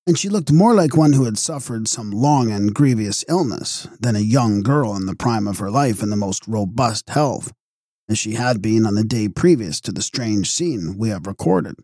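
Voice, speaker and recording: A man reading a gothic horror novel aloud, measured and dramatic. His voice is dark and husky, captured close with a dry sound. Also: fairly low pitch, animated, dry recording. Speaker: audiobook narrator. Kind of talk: scripted narration.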